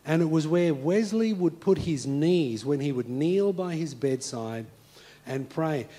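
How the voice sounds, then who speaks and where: Male pastor with a slightly high voice, sermon delivery that drops to hushed prayer. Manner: storytelling preacher who drops to a soft, hushed prayer voice. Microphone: speaking to a congregation and viewers at home.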